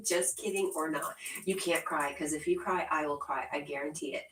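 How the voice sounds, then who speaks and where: Low-voiced giggly woman in an echoey room. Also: moderate pace, a bit bright. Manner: giggly, laughs often between remarks. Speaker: livestream host. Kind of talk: casual livestream chat, reading viewer comments aloud. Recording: roomy echo, distant from the mic.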